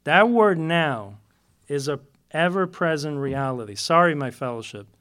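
A man's voice: on the high side, animated, unhurried, fairly bright tone, clear, resonant tone. A man giving an informal Bible teaching to a fellowship, chatty and self-deprecating, laughing often and repeating key words for emphasis.

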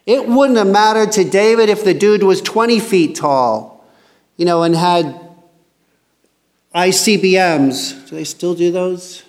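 A man's voice: high voice, lively intonation, takes it slowly. A man teaching a Bible passage in a casual sermon, reading scripture aloud and commenting in a chatty, joking way.

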